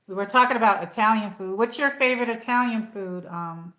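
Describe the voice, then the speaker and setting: A woman with a fairly high, fairly bright voice speaks fairly quickly while hosting a casual livestream. She rambles with many fillers as she responds to viewers' comments, and the recording is rough and reverberant.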